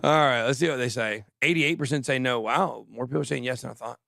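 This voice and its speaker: Gravelly rambling male crypto host. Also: mid-range voice, a bit bright, dry recording, studio quality. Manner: rambling, quick, jokey, trails off. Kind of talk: casual livestream chat.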